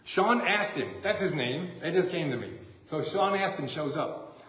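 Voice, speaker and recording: Casual joking pastor in an echoey church. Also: male voice, on the high side, lively intonation, moderate pace, a bit bright. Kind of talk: sermon. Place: church sanctuary.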